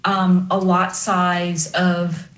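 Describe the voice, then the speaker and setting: Slow, pleading councilwoman. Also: lowish voice, level tone, a bit bright, reverberant, low-quality recording. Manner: pleading, earnest. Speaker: city council member.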